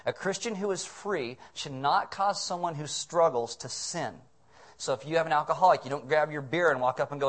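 A man's voice: a little high, a little fast. A man preaching a sermon as pastor, telling stories with humor and acting out the voices. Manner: humorous, animated storytelling with acted voices.

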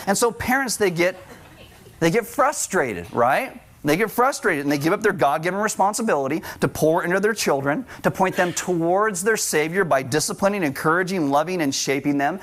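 Middle-aged male pastor, conversational sermon with humor, slightly higher voice. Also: lively intonation, moderate pace, fairly bright tone. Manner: conversational, joking asides to the congregation.

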